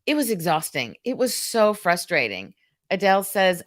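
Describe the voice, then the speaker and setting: A woman hosting a live stream, telling a frustrating story in a casual, animated, exasperated way. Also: fairly low pitch, normal speed. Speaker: host.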